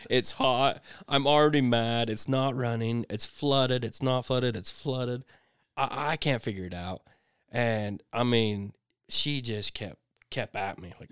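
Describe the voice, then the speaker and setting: A middle-aged man chatting on a podcast, his voice smooth and clear at an ordinary pitch. He tells stories in a loose, rambling way, restarting his sentences and throwing in sound effects. The recording is close and dry, with no room sound. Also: a bit bright, dry recording. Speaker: podcast co-host. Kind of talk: casual storytelling chat.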